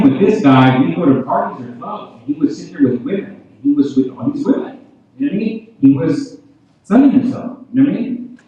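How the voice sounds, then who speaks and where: A man preaching his testimony at a revival service. He keeps addressing the crowd and asking "you know what I mean?". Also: fairly high pitch. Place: large church hall. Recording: tinny, very echoey hall from far off.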